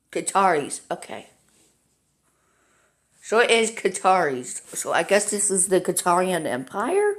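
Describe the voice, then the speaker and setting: A man's voice: high voice, very animated, measured pace, pauses often, fairly bright tone. A male gamer at home giving casual commentary on a strategy map game, rambling and easily sidetracked, with lots of "like.". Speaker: gaming commentator.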